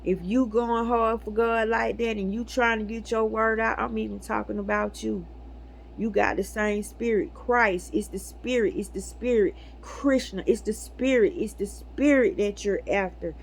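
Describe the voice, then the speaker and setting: A woman's voice: a little high, steady tone, moderate pace, creaky. A woman speaks to her viewers in casual, preachy spiritual talk, stressing her points hard and breaking into laughter. Her is loose and conversational. Faint background noise sits under her voice. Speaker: spiritual video host.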